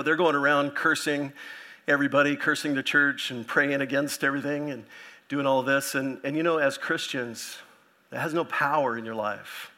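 A male pastor delivers a sermon in a loose, conversational way, full of asides and rhetorical questions. His voice sits a little high and comes across bright and forceful. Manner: conversational, animated teaching with asides.

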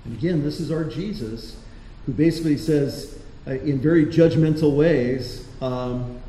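A man's voice: a little high, unhurried, dark tone. A man preaching a sermon in a conversational way, asking his listeners rhetorical questions in a church hall. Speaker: pastor. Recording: roomy hall echo, faint noise.

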